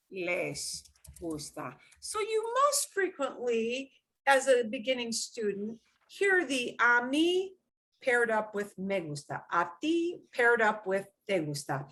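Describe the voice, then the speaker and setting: A middle-aged woman teaching a beginner Spanish class, modeling phrases slowly and clearly while explaining in English. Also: mid-range voice, pushed and bright. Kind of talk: beginner language lesson.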